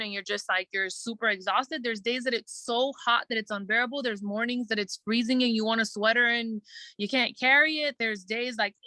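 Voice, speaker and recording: Bright-voiced woman telling her story. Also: a little high, no room sound. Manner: earnest, fast storytelling with quoted self-talk and many "like" fillers. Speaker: guest entertainer. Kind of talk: casual interview conversation.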